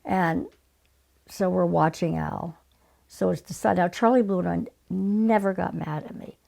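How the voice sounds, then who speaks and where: Brief: older woman in her 70s, deep gravelly voice, lively anecdotes with hushed asides. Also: unhurried. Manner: lively, dropping into breathy whispered asides. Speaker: casting director. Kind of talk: anecdotal interview storytelling.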